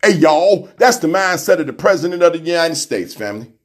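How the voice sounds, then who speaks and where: A man's voice: a little high, sing-song, a little fast. A man hosting a radio show, reading a text aloud and commenting on it in a preachy way, repeating lines and calling out to his listeners. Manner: repeats lines, calls out to listeners with "y'all", "family" and "brothers and sisters".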